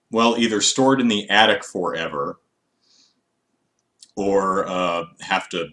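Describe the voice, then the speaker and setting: A man's voice: deep voice, a bit bright. A man chatting casually on a live stream, rambling and wry with many fillers. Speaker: vlogger.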